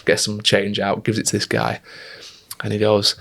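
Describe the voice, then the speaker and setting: Chatty man, lowish voice. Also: monotone, fairly quick, gravelly, fairly bright tone. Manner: chatty storyteller, acts out quoted voices. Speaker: podcast co-host. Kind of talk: casual chat.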